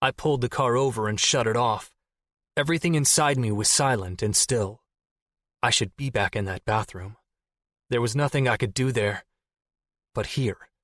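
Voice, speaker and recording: A man's voice: medium pitch, moderate pace, long pauses, a bit bright, no room sound, clean studio sound. A man reading a first-person audiobook in an intense, restrained way. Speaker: audiobook narrator.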